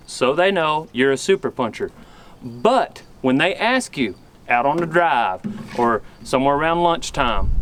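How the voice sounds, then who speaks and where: A man with a drawl giving a mock-serious, deadpan comedic talk as a cowboy vlogger. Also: on the high side, a little hiss or hum.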